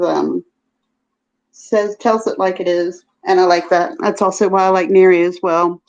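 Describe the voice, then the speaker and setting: A woman's voice: fairly low pitch, a little mellow. A woman with a Southern US accent hosting a casual live stream, chatty and laughing often. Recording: dull lo-fi stream audio.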